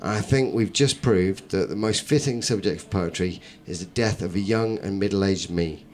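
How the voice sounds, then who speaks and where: A man's voice: low voice, moderate pace, heavy background noise. A man performing a comic poem for a live audience, rhythmic, theatrical and wry. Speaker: comedian and performance poet.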